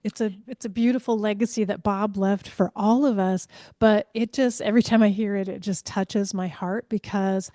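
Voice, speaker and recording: A woman hosting an interview, gentle and appreciative in tone. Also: medium pitch, fairly even intonation, normal speed, hardly any pauses, no room sound, clean studio sound. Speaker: podcast host. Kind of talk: conversational interview.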